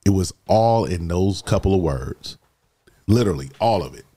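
A man with a very low, deep voice shares a personal story in a relaxed, animated way. He talks casually and keeps calling the listener "bro." His tone is heartfelt and conversational. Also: moderate pace, husky. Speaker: guest sharing his life story.

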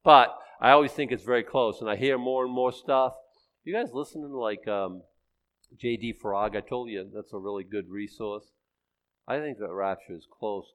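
Fast-talking, conversational male preacher. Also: lowish voice, a bit bright. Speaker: pastor. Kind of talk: sermon.

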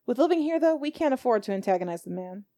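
A woman's voice: fairly high pitch, expressive, quick pace, dark tone, voice pushed up, natural voice. Woman voicing a chatty village landlady. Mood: homely. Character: kindly village landlady, homely and talkative.

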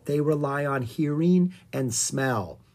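A reader voicing an eager, curious young girl in excited, high whispers in a storybook reading. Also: takes it slowly.

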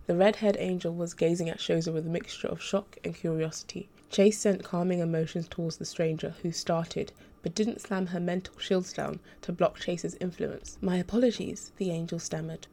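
A woman narrates an audiobook in a steady, measured way. Her voice is low and mellow, with a noticeable gravelly fry running through it.

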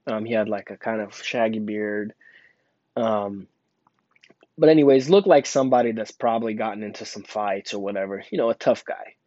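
A man's voice: on the low side, moderate pace, mellow, no room sound. A young man casually telling a rambling personal story about work, full of fillers and restarts. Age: young adult. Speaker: store employee telling a story. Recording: dull lo-fi dry recording.

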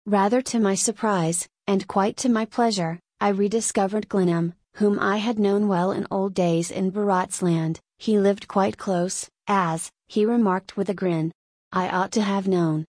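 A woman's voice: medium pitch, steady tone, measured pace, darkish tone, no echo. Woman reading a story, dry sound. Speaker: audiobook reader. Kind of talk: scripted narration.

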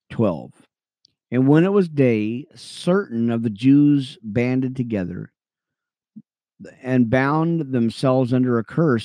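A man teaching the Bible on radio, reading verses aloud between excited, chatty asides to his listeners. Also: mid-range voice, no echo, lo-fi sound. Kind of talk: reading scripture with commentary.

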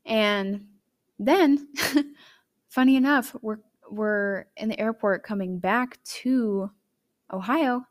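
A young woman hosts her own podcast and tells a personal story straight to her listeners. She talks in a chatty, candid way, with sudden emotive swings in pitch and loudness. Her voice sits at an ordinary middle pitch for a woman. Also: slow pace. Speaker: podcast host.

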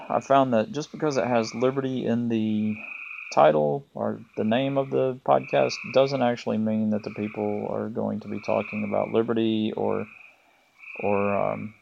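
A laid-back man with a Southern US accent hosts a casual solo podcast, pausing often on ums and restarts. His voice is low and gravelly with a fairly flat melody. The recording is dull and lo-fi, with faint noise and frogs croaking in the background. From American South. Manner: relaxed, laid-back, halting with many ums. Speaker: podcast host. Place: front porch of an off-grid cabin.

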